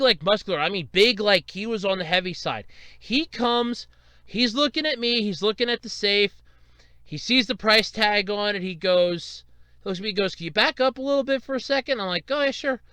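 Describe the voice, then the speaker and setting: Animated, high-voiced rambling podcast host. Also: male voice, no room sound. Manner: rambling, profane, animated storytelling. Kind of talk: casual solo podcast rant.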